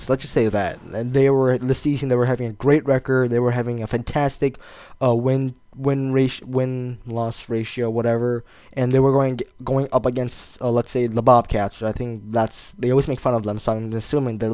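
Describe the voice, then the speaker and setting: A young man rambling casually to camera with lots of fillers and restarts, trailing off softly on his asides. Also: medium pitch. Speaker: video blogger.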